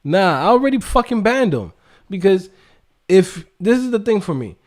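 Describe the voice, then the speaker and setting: A man hosting a coding livestream, ranting in a profane, animated way and mimicking people in quick mocking voices. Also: high voice. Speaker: livestream host and coding instructor. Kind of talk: profane casual livestream rant.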